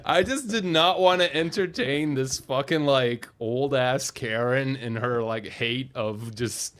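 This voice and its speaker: Young male podcast co-host, animated, swears freely, mid-range voice. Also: medium pitch, slow pace. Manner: profane, animated storytelling. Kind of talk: casual chat.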